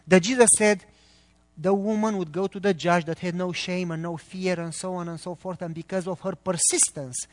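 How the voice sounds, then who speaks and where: Middle-aged male pastor, high voice, emphatic sermon delivery, long hall reverb. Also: fairly even intonation, normal speed. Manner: emphatic, quizzes the congregation with questions.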